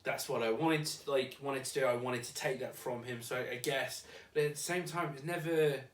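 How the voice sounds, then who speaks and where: A young man talks in a loose, rambling way, hedging every other phrase and breaking into laughs. His pitch sits in the middle range. He sounds distant from the mic in an echoey room. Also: normal speed. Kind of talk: casual chat.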